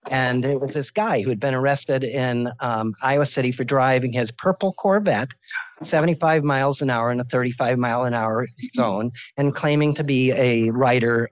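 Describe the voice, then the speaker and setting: A man's voice: medium pitch, dry recording, rough recording. A man in his sixties giving a medical lecture as a visiting professor, informal and joking, telling stories from his career.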